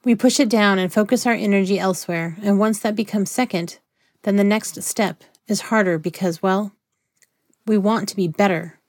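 A woman reading the part of a soft-spoken female counselor who speaks gently and patiently. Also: medium pitch, normal speed, no echo, studio quality, lightly acted. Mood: gentle.

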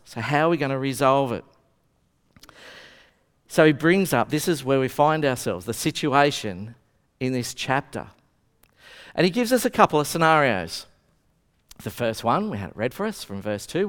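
A man's voice: a little high, in a large hall. A man preaching a sermon, telling a story and acting out both sides of an argument. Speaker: pastor.

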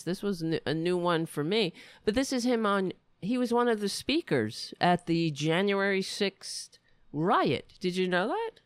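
A woman's voice: sits low, no echo. A woman from New York hosting a casual podcast, rambling and ranting with profanity and indignation. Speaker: podcast host.

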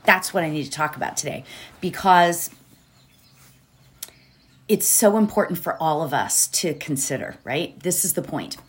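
The host of a positivity podcast speaks in a low voice at a moderate pace, pausing often. Her casual motivational talk rambles a bit, with frequent laughter and "right?" check-ins.

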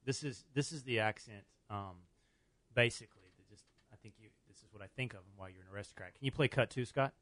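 A man's voice: lowish voice, fast talker, a bit bright. An American man hosting a radio talk show, chatting casually and teasing his guest. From United States.

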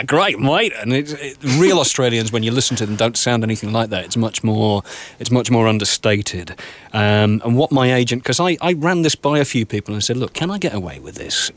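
A man working as a radio voice artist, talking in an interview in a reflective way, often restarting his sentences. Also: on the low side. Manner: reflective, with frequent restarts and ums. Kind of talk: interview conversation.

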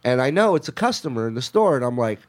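A man in his thirties or forties telling a profane story in casual chat, deadpan, acting out the people he quotes. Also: medium pitch, fast.

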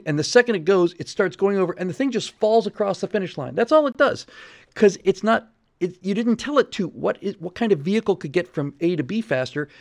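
Middle-aged male streamer, casual and rambling, gravelly tone. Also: high-pitched, darkish tone. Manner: rambling, repeats words while thinking. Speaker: livestream host. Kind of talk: casual livestream chat.

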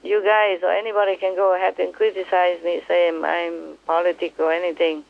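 A woman's voice: lowish voice, flat delivery, a little fast, creaky. A woman spiritual teacher on a phone call with her disciples, speaking in an impassioned, emphatic way and repeating her points. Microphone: telephone. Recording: tinny phone line.

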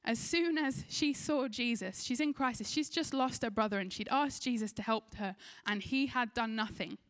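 An English-accented woman preaches a sermon, her voice sitting a little high. She retells a scripture story earnestly and now and then slips into the voices of its people. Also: moderate pace, a bit bright. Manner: earnest storytelling, acts out quoted lines.

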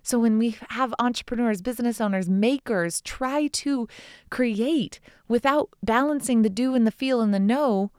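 A woman's voice: a little high, normal speed, a little mellow, clear, resonant tone, dry recording, clean studio sound. A woman in her thirties hosting a solo podcast, talking in an enthusiastic, heartfelt, rambling way. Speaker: podcast host. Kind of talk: casual solo podcast talk.

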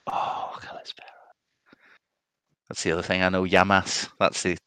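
Low-voiced chatty podcast host. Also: male voice, monotone, fast, sharp tone, clean tone, no echo. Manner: chatty, laughs often, hesitant with ums. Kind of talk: casual podcast chat.

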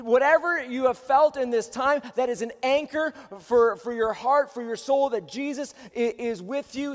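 Pastor, male, high voice, earnest and exhorting, recorded in a church hall with a long reverb tail. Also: fairly quick, hardly any pauses. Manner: earnest, rising to loud exhortation with frequent restarts. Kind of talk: sermon to a live-streamed congregation.

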